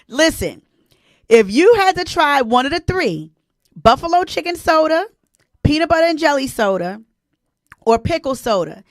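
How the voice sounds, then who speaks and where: A chatty woman, hosting a casual live stream and talking warmly to her viewers. Her voice sits a little high, and she gets emotional easily. The sound is dry and close, with no room echo. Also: big pitch swings, moderate pace, pauses often. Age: 40s. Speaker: host.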